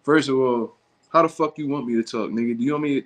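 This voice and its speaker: A man hosting a livestream who reacts to chat with blunt, slang-heavy, profane talk. His voice has a medium pitch and a loose, off-the-cuff delivery. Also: quick pace, a bit bright. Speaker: livestream host.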